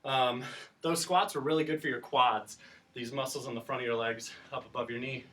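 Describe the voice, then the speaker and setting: A man's voice: mid-range voice, fairly even intonation, normal speed, sharp tone. A man teaching a children's exercise class, counting down reps and explaining as he works out, breathing hard from the effort. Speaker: teacher leading a class workout. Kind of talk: instructional exercise video. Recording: voice distant from the mic.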